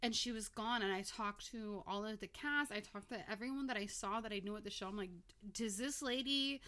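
A woman chatting casually with a bright, forceful voice, telling a story in animated bursts. She swears freely and acts out her own lines as she goes. Her pitch sits in an ordinary middle range. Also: brisk. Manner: animated, swearing, quotes herself in lively bursts. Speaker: podcast guest storyteller. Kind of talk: casual chat.

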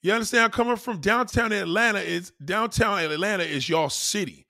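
A man's voice: sits high, moderate pace, creaky, pushed and bright, dry recording, clean studio sound. Blunt, profane New York man. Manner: blunt, profane, emphatic with repetition. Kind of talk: casual rant.

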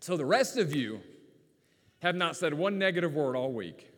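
A country-accented pastor preaches a sermon in a relaxed, folksy storytelling style. His voice sits a little higher than most men's. It rings with the long reverb of a church sanctuary. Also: moderate pace. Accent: rural Virginia.

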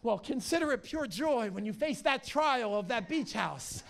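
Middle-aged male pastor, high voice, energetic, jokey sermon delivery. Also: normal speed, gravelly, background noise. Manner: energetic, joking and animated storytelling.

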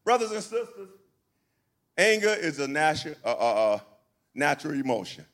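A man's voice: on the high side, very animated, moderate pace, fairly bright tone. A pastor preaching a sermon in a church, talking to his congregation in a folksy, conversational way, asking them questions and repeating phrases. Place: church sanctuary.

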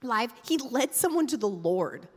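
A woman's voice: fairly high pitch, big pitch swings, a little slow. A young woman pastor preaching a sermon in a chatty, humorous storytelling way, full of fillers, in a large church hall. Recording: long hall reverb.

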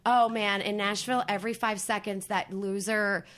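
A woman's voice: medium pitch, steady tone, moderate pace, fairly bright tone. A woman co-hosting a podcast in loose, profane, rambling casual chat full of fillers. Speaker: podcast co-host.

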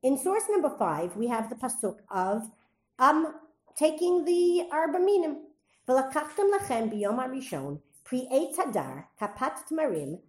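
A woman's voice: high voice, darkish tone. A woman teaching a Torah class, reading Hebrew verses aloud and quizzing her students with questions she then answers. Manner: reads Hebrew verses aloud between explanations.

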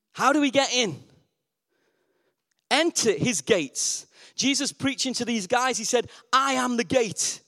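A man preaching a lively sermon, asking the congregation questions and repeating his key words for emphasis. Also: high voice. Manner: call-and-response questions, emphatic repetition.

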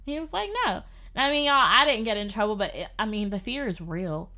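A woman telling a personal story in casual podcast chat, animated and filling her talk with "like". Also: mid-range voice, a little fast. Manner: animated, lots of "like". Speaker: podcast guest.

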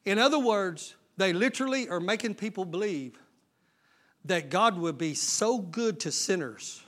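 A male pastor preaching a sermon, swelling into loud shouted passages. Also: high-pitched, lively intonation, a little slow. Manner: preaching with sudden shouted surges and folksy Southern-style talk.

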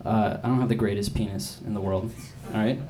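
A young male comic in his twenties rambles through a self-deprecating set, his voice sitting low. He leans on "like" and restarts as he goes. A live club crowd laughs behind him through steady noise. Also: a little fast. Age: 20s. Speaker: stand-up comedian. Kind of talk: stand-up comedy set. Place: comedy club stage. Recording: noisy live comedy club. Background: audience laughter.

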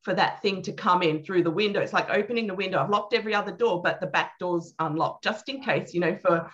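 A woman's voice: on the low side, fast talker, muffled recording. A woman guest on a faith show, earnestly telling a personal ministry testimony and acting out the dialogue she quotes. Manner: earnest, animated storyteller, acts out quoted dialogue.

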